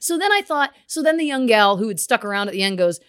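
A young adult woman co-hosting a podcast, telling an animated story, acting out the voices of the people in it, and laughing often. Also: fairly high pitch, quick pace. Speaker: podcast co-host. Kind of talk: casual storytelling chat. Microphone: remote call.

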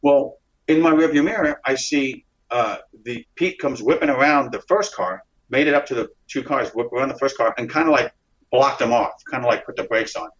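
A man's voice: medium pitch, moderate pace. Rambling man telling a wild story, lo-fi. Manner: rambling, excited storytelling with many restarts and profanity. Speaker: interview guest, whistleblower. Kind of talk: storytelling in an interview. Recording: dull lo-fi recording.

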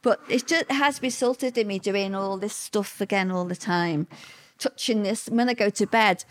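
A middle-aged woman talks through painful memories in a halting way, stopping often to restart her sentences. Her voice sits in an ordinary middle pitch. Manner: halting, hesitant, with many fillers and restarts. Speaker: interviewee. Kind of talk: personal testimony in conversation.

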